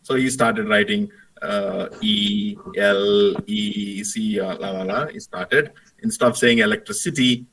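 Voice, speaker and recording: A man's voice: fairly low pitch, fairly even intonation, a little slow, fairly bright tone, far from the mic, low-quality recording. A man giving a lecture and telling an anecdote, hesitant, with many fillers and restarts. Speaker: guest lecturer, Jesuit priest.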